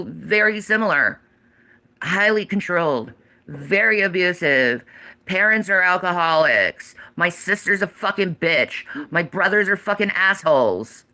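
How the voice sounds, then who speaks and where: A woman in her forties rants on a livestream, swearing heavily in a defiant, emphatic way. Her voice is sharp in tone and medium in pitch.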